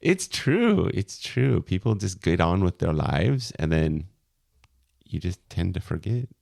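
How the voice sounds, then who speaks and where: Deep gravelly-voiced podcast co-host. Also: male voice, sing-song, darkish tone, no room sound, studio quality. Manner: chatty, reacts with quick interjections. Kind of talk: casual podcast chat.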